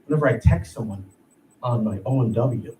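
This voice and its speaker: A man in his thirties doing a profane, animated stand-up set on a comedy club stage. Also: medium pitch, moderate pace. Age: 30s. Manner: profane, animated, acts out voices. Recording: echoey room, heard from a distance. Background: audience laughter and room noise.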